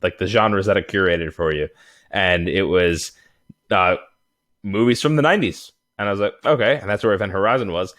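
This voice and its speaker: A man's voice: deep voice, moderate pace. A man co-hosting a movie podcast, chatting casually with lots of restarts and fillers. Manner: rambling, animated, many fillers and restarts. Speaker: podcast co-host.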